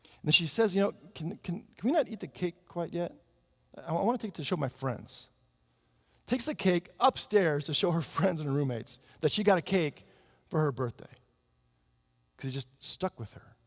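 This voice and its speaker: A man preaching in a lively storytelling way, slipping into the voices of the people in his story. His voice sits a little high and has a gravelly edge. It carries a long reverb, as if from a big hall. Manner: animated storytelling, acting out the characters. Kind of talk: storytelling sermon.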